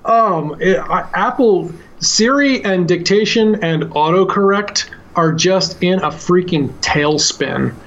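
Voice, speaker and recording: A man's voice: sits high, slow, few pauses, fairly bright tone, muffled recording. A man co-hosting a podcast from the United States, chatting casually and rambling, laughing often. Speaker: podcast co-host.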